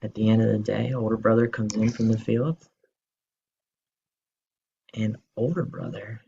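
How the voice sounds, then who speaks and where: A male teacher telling a story to children in an expressive, slow storytelling manner. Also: fairly low pitch, vocal fry, highs cut off, slight background noise.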